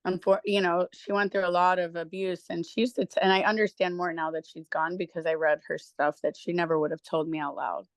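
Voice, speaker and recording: A woman guest in a casual interview, a physical therapist who tells stories in a candid, animated way and swears freely. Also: lowish voice, brisk, hardly any pauses, dry recording.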